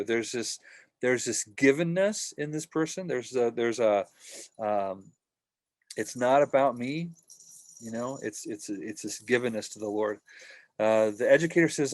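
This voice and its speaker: A man leads a relaxed teaching session for worship teams, talking things through conversationally. His voice sits in an ordinary middle range. He briefly acts out the people he describes, and the recording is dry and close with no room sound. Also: mid-range voice, moderate pace, no room sound. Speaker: worship leader teaching a workshop. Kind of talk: casual teaching talk.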